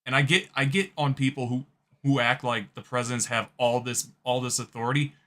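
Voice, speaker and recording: Bright-voiced man casually reacting. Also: medium pitch, fairly even intonation, fairly quick. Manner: casual, swearing, laughs often. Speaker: host. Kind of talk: reaction commentary.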